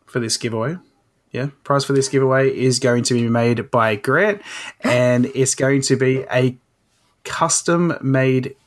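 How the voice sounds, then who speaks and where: A man's voice: medium pitch, steady tone, a little slow. A man hosting a casual maker podcast, talking in a loose, rambling way with fillers. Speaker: podcast host.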